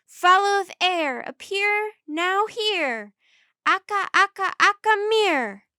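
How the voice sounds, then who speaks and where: A woman's voice: sits high, lively intonation, takes it slowly, bright, forceful tone, no room sound, clean studio sound, pitched above the performer's own voice, exaggerated voice. A woman reading aloud, voicing a brave, spirited young girl in a children's story. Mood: chanting.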